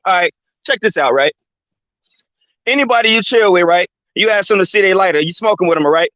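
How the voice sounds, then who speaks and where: In a dull, lo-fi, dry recording with no echo, a channel host with a high, sharp voice speaks in an animated, brisk way. His casual monologue is a rambling, profanity-laden rant packed with "man" and "you know what I'm saying."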